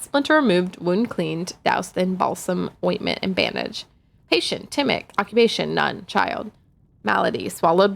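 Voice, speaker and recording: A woman's voice: medium pitch, vocal fry, a bit bright. A woman streaming a game, chatting casually and reading in-game notes aloud. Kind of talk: casual gameplay commentary.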